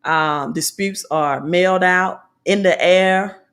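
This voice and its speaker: A woman's voice: on the low side, slow, fairly bright tone. A woman with a Southern American accent, hosting a motivational business talk and preaching in repeated slogans and alliterations. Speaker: host.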